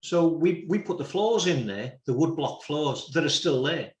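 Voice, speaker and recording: A man's voice: fairly high pitch, animated, normal speed. A man with a Liverpool accent, a reverend hosting the show and recounting a memory in easygoing casual chat. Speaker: host, reverend. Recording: roomy echo.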